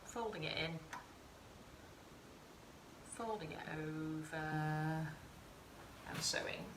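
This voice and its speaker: A woman's voice: deep voice, very slow, noisy background. A woman tutor giving a chatty live sewing demonstration and talking to her viewers. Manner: chatty, encouraging, talks to viewers in chat. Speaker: craft tutor. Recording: roomy echo, faint ambience.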